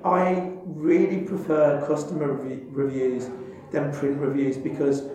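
A man, telling stories in casual chat, animated and freely swearing. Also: fairly high pitch, measured pace. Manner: animated storyteller, swearing freely, acting out voices. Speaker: comedy club runner and performer. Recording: very echoey room.

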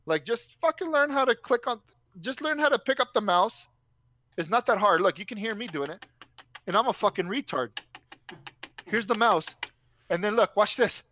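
A man's voice: high voice, lively intonation, normal speed, long pauses, bright, forceful tone, lo-fi sound, a little hiss or hum. A young man telling a story in a casual, profane, ranting way.

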